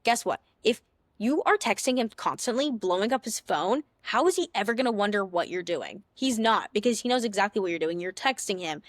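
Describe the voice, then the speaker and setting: A young woman, voice at an everyday mid pitch, dishes out dating advice in a chatty, sassy, playful tone. She sounds like a big sister confiding in a friend. The recording is close and dry, with no room echo. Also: animated, brisk. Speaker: podcast host. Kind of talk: casual advice talk.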